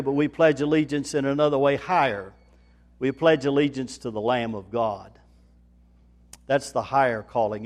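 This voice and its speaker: A man preaching a sermon in a folksy manner, building to loud, emphatic repetition. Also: fairly high pitch. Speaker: pastor.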